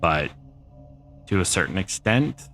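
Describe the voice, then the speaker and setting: Gravelly low-voiced man, laid-back chat. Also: measured pace, faint music behind. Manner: relaxed, chatty, reads and answers viewer comments. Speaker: streamer. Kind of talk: casual gameplay chat.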